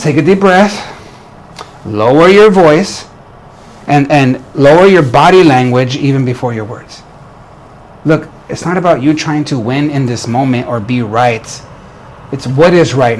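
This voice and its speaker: A man's voice: fairly high pitch, slight background noise. Earnest man coaching men. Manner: earnest, repeats himself, restarts phrases. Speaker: relationship coach. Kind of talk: motivational talk to camera.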